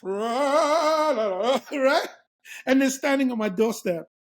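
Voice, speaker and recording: Animated, laughing male storyteller. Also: very high-pitched, very slow. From England. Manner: animated, laughing, acts out voices. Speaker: guest. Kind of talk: storytelling in a casual interview.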